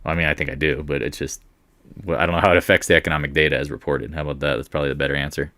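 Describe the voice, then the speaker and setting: Low smooth-voiced male market streamer. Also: racing, no echo. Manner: rambling, jumps to excited outbursts at price moves. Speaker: market commentary livestream host. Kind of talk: live market commentary, chatting with viewers.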